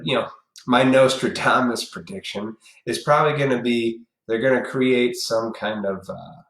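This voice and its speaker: In an echoey room, a man hosts a casual live stream, ranting bluntly at his viewers with profanity and a preachy tone. His voice is medium-pitched and a bit bright.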